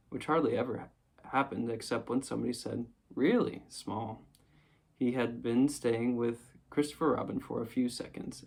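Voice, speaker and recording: A man narrates a children's storybook gently and without hurry. His voice is gravelly and husky, at a middling pitch. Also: poor audio. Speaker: audiobook reader.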